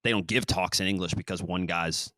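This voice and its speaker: A man's voice: sits low, normal speed, no echo. A man hosting a podcast, talking casually and rambling, often acting out quotes. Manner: rambling, animated, acts out quotes. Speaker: podcast host. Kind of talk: casual chat.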